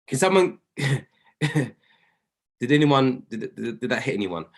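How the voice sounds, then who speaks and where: A man's voice: mid-range voice, lively intonation, slow. A man coaching traders on an online group call, emphatic and preachy, hammering key phrases by repeating them. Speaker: trading mentor.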